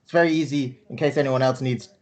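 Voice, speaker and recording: A man's voice: medium pitch, steady tone, quick pace. A man with an Irish accent, a tabletop game player, recapping in dry, rambling jokes. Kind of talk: casual chat recapping a game.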